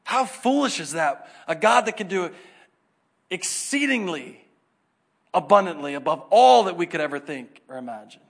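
A man preaching a sermon, animated and acting out the voices in the scripture stories. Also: high voice, moderate pace, gravelly. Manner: animated, acts out scripture dialogue in varied voices.

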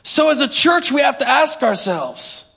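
A man preaching a sermon in a church, animated and humorous, acting out little scenes for the congregation. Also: very high voice, a little slow. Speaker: pastor. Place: church sanctuary.

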